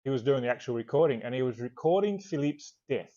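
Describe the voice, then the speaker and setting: An Australian author talking casually in an interview, a relaxed, rambling storyteller who swears now and then. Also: male voice, medium pitch, quick pace, muffled recording. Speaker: author guest. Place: video call.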